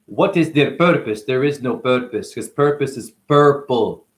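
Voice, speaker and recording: Slow, musing man riffing on words. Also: mid-range voice, animated. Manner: free-associating wordplay, musing. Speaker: spiritual teacher. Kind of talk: rambling spiritual monologue.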